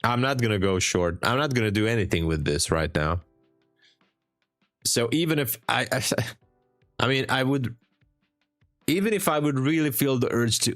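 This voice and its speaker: A man's voice: medium pitch, normal speed, long pauses, fairly bright tone, dry recording, clean studio sound, soft background music. A man from Hungary with a Hungarian accent, chatting casually and joking on a trading live stream. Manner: joking, chatty, laughs often. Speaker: livestream trader.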